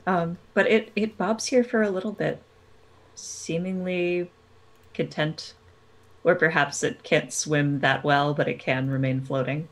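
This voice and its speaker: Woman game master, low voice, relaxed tabletop narration, easy pauses. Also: rough recording. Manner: relaxed, with frequent ums and laughs.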